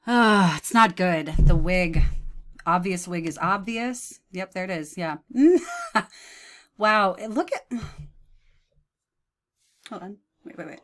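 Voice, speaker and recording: A woman's voice: lowish voice, animated, slow, long pauses, a bit bright. A woman in her thirties giving mocking, sarcastic reaction commentary, often breaking into laughs. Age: 30s.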